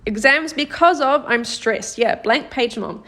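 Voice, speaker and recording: A woman teaching a live-streamed grammar lesson, patient and encouraging, praising viewers by name and slowing down to model example sentences. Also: on the high side, bright, forceful tone. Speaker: Korean language teacher.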